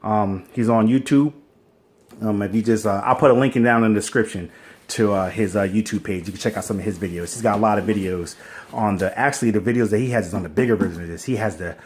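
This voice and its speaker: A fast-talking vlogger with a lowish voice unboxes a kitchen appliance at home, laid-back and slangy as he rambles. His phone sits on a wobbly stand to film it.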